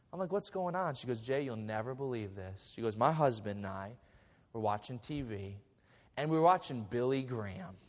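A man's voice: on the high side, in a large hall. A man in his forties preaching a sermon as pastor, telling a story with stammered restarts and light jokes. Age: 40s.

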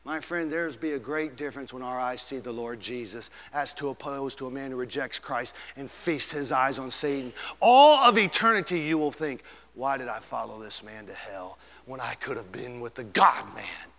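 A male pastor preaching a dramatic sermon, swinging from shouts down to hushed whispers. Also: medium pitch, normal speed, hardly any pauses, in a large hall.

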